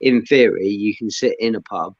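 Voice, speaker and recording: A man's voice: fairly low pitch, normal speed, no room sound, highs cut off. A man in casual banter, telling rambling anecdotes full of swearing.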